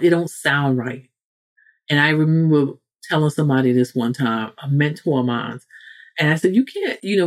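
A woman's voice: low-pitched, darkish tone. A woman hosting a motivational podcast monologue. She talks straight to the listener in a preachy way and often breaks off to correct herself. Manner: frequent self-corrections and asides. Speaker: podcast host.

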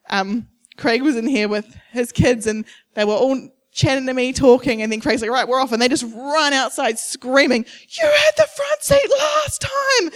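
A young adult woman preaching a sermon at a church service, emphatic and repetitive, acting out the people she quotes. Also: on the high side.

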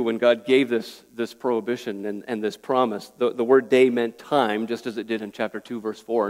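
A man's voice: on the low side, a little mellow. A pastor preaching an earnest, pleading sermon, a man who often restarts his words. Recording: echoey hall with long reverb.

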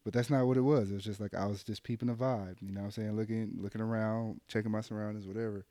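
A man telling a story in casual chat, animated and profane, acting out the voices of people he quotes. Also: lowish voice, fast, dry recording. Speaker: podcast co-host telling a story.

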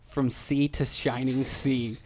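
A man co-hosting a podcast in casual chat, easygoing and quick to laugh while telling stories. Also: medium pitch, level tone, crowd noise. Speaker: podcast co-host.

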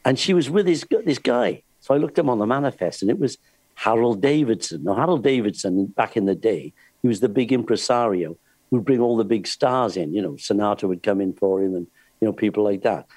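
A man who works as a singer and entertainer on cruise ships, telling lively anecdotes with plenty of laughs and acted-out voices. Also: fairly low pitch, fairly quick, no echo. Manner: lively storyteller, laughs often, acts out voices in his stories.

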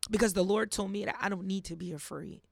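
A woman hosts a faith podcast in an earnest preaching manner, her voice carrying a gravelly edge. She leans into hushed, almost whispered emphasis on key points. The recording is dry and close, with no room sound. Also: medium pitch, quick pace, dry recording. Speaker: podcast host. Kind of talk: faith-based podcast monologue.

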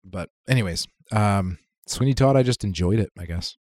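A man's voice: fairly low pitch, normal speed, darkish tone, no echo, clean studio sound. A man co-hosting a podcast, chatting casually and swearing freely as he rambles through stories. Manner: profane, rambling storyteller. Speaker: podcast co-host. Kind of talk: casual chat.

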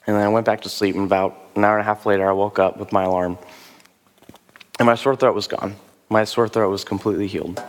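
A man preaching as a pastor, talking in a loose, conversational way with rhetorical questions and fillers, his voice rough from a sore throat. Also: on the low side, steady tone, fast talker, big-room sound. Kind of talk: sermon with altar call. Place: church service.

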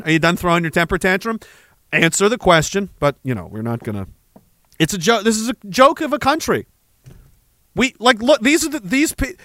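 A man's voice: sits high, a bit bright, dry recording. A man ranting angrily and sarcastically, swearing as he reacts to clips. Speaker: online commentator. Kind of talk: profane reaction rant.

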